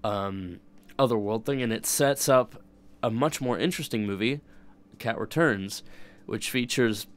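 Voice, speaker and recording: A man's voice: mid-range voice, a little slow. A young man streaming and chatting casually, rambling and swearing, often breaking off and restarting his sentences. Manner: rambling, profane, self-interrupting. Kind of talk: casual chat.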